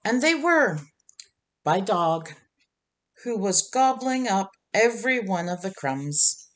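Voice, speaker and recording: A woman reading a children's picture book aloud, unhurried and gentle. She tells the story expressively, at a middling pitch. Her pace is slow and clear, made for young listeners. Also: sing-song. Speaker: storybook reader.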